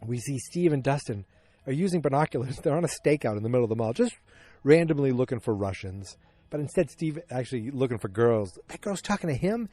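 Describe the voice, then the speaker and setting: A man hosting a podcast, recapping an episode in casual chat from his backyard, acting out the characters' lines in quick changing voices. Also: medium pitch, animated, dark tone, faint music behind. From Massachusetts. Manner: chatty, acts out character lines with quick voice shifts. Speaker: podcast host. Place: outdoors in a backyard.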